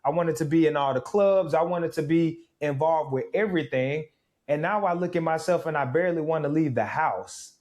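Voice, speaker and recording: Man in his 30s, somewhat high voice, reflective storyteller, interview guest. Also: normal speed. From Mississippi, USA. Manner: reflective, animated storytelling with laughs. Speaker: guest, former pro football player.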